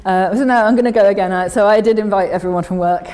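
A woman speaking to her church congregation in a relaxed, chatty way, full of fillers and restarts. Her voice is mellow and dark, and it rings with the long reverb of a church hall. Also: mid-range voice, fast talker. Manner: chatty, self-deprecating, many fillers and restarts. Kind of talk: informal sermon and scripture reading.

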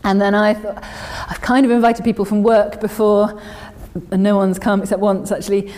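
A woman's voice: medium pitch, level tone, moderate pace, a little mellow, long reverb tail. A woman giving an informal, chatty sermon and reading scripture aloud, with many fillers and restarts. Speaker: church speaker.

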